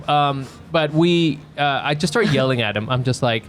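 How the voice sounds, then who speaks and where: A man co-hosting a podcast from a home bedroom, chatting casually and telling a story with lively, acted-out bits. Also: fairly high pitch, moderate pace. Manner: animated storyteller who acts out his own yelling. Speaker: podcast co-host. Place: home bedroom used as a quiet room.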